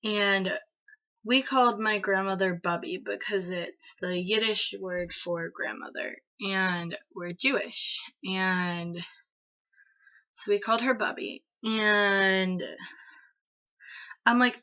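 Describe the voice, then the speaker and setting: A young woman in her early twenties from the United States tells a personal story to the camera at an unhurried pace. Her bright voice rambles, with plenty of "like" and "um". The audio is dull and lo-fi. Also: mid-range voice. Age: early 20s. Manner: rambling, filler-heavy with frequent "like" and "um". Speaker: vlogger.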